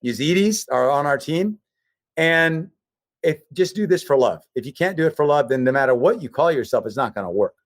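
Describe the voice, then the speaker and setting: An earnest man speaks in a fairly high voice over a remote call. He piles up short emphatic phrases. The sound is dry and close. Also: lively intonation, brisk, dry recording. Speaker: guest, humanitarian relief leader. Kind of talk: emotional personal storytelling.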